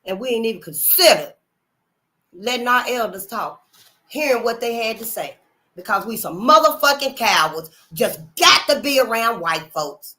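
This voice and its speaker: Animated, bright-voiced woman host. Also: fairly high pitch, moderate pace. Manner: animated, preachy, swears freely, talks to viewers directly. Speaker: channel host. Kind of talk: casual commentary and reading. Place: hot room at home.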